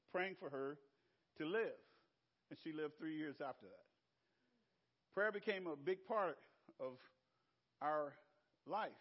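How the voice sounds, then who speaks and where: An older Southern American pastor preaching with a high voice. He tells stories with laughter, swinging between booming lines and hushed ones. The audio is dull and lo-fi. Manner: storytelling with laughter and sweeping shifts in loudness. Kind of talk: sermon.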